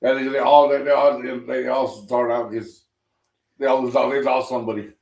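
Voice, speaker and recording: Gravelly dude, keeps restarting his words, sounds far off in an echoey room. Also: mid-range voice, flat delivery, a little mellow. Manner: halting, repeats words, chimes in. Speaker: podcast co-host. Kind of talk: casual chat. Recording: roomy echo, away from the mic.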